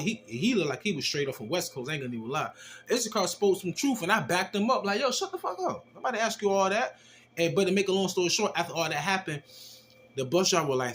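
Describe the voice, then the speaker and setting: Animated slangy man telling a testimony. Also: fairly high pitch, slight background noise. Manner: animated, slangy and profane, acting out quoted exchanges. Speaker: storyteller giving a personal testimony. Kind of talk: casual storytelling testimony.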